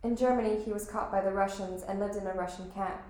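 A woman's voice: mid-range voice, fairly even intonation, fast, dark tone, close to an everyday voice. A woman playing a defensive, earnest teenage schoolgirl who insists on her point, in a stage play. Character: defensive, earnest teen girl student. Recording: very echoey hall.

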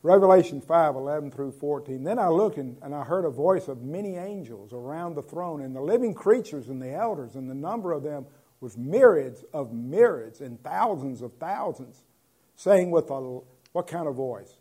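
A man, a pastor, preaching a conversational sermon and moving between loud proclamation and quiet asides. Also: fairly high pitch, animated, moderate pace, husky.

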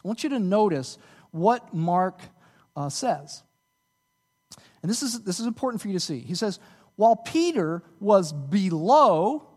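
Male pastor, high lively voice, preaching in a reverberant sanctuary. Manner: animated, rises to emphatic peaks. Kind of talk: sermon.

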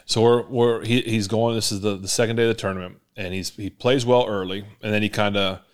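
A man in his forties, a podcast host, speaks quickly in a slightly low voice. He tells long family stories in casual chat and acts out the quotes as he goes. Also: steady tone. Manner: rapid storytelling, acts out quotes. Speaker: podcast host, former quarterback.

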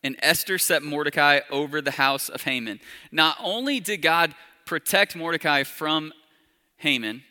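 A man preaching a sermon in a casual, conversational way, with soft, intimate appeals to the congregation. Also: on the high side, in a large hall. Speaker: pastor.

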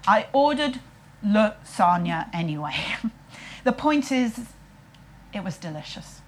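A woman with a husky voice, telling a comic story in a wry, self-mocking way and putting on playful voices for quotes. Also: medium pitch, sing-song, takes it slowly, slight background noise.

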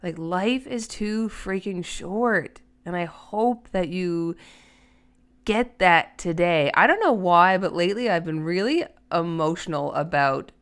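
Woman podcast host, casual chat, earnest, lower voice, smooth and clear. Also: lively intonation, a little slow. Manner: chatty, filler-heavy, earnest. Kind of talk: casual solo podcast talk.

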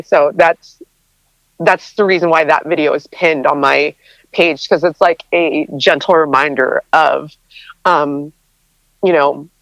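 Woman in her thirties, interview guest, chatty and emotional, low-ish voice, dull dry recording. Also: no room sound. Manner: chatty and emotional, many fillers and laughs. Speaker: interview guest, content creator. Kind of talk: casual interview answers.

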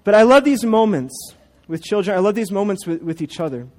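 A man's voice: high voice, expressive, brisk, darkish tone. A man in his thirties, a pastor, preaching a sermon and telling a family story with playful asides.

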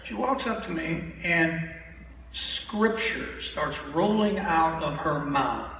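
A man giving an animated, emphatic testimony to a church congregation, repeating phrases for effect, heard from a distance in a large hall. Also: fairly high pitch, slow pace. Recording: echoey hall from far off, dull and noisy.

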